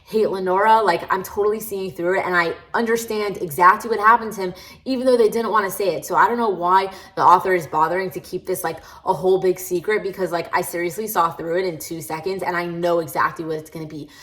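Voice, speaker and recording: A woman's voice: on the low side, steady tone, fast talker, hardly any pauses, a bit bright, rough recording. A woman book vlogger chatting casually to camera. She is frank and critical, and peppers her talk with "like". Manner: chatty and candid, with many "like" fillers. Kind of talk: casual reading-vlog chat.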